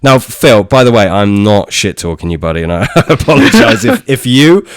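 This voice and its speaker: A man's voice: on the low side, big pitch swings, moderate pace, no echo. Chatty man, dry close sound. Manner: chatty, jokey, many restarts. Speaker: podcast co-host. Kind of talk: casual podcast chat.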